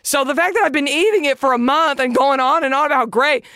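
Bright, chatty woman podcast host. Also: high-pitched, fast, dry recording, studio quality. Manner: chatty, confessional, emphatic, swears freely. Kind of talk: casual solo podcast chat.

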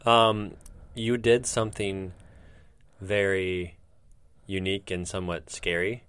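A man's voice: sits low, little pitch movement, slow, fairly bright tone, smooth, dry recording. A man co-hosting a podcast, asking questions in a laid-back way. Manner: laid-back, asks questions, backchannels a lot. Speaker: podcast co-host. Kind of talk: casual chat.

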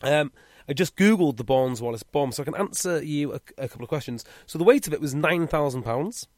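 A man in his forties with a fairly high, lively voice poses curious questions to his fellow hosts. His pitch swings widely. The sound is dry and close. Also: fairly quick, dry recording. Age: 40s. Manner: curious, quizzing the others. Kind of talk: casual chat.

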